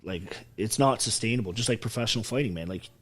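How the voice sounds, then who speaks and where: A man in his thirties, a former soldier from Canada, telling his life story in a casual interview with lots of swearing and animated retelling. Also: fairly low pitch, fast talker, breathy edge. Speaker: podcast guest, former soldier.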